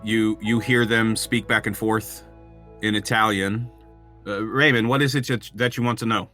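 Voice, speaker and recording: Low bright-voiced man narrating a game. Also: steady tone, moderate pace, faint music behind. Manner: descriptive, with frequent ums and restarts. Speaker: game master.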